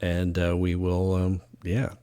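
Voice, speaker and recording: A man's voice: low-pitched, completely flat delivery, takes it slowly, dark tone, clear, resonant tone. A man co-hosting a podcast in casual chat, talking in an easygoing, chuckling way with many fillers. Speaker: podcast co-host.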